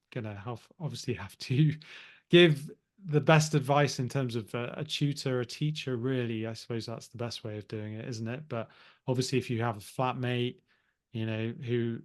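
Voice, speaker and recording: A man co-hosting a podcast, chatting casually and agreeably, often ending points with tag questions. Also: mid-range voice. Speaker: podcast co-host. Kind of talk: casual teaching chat.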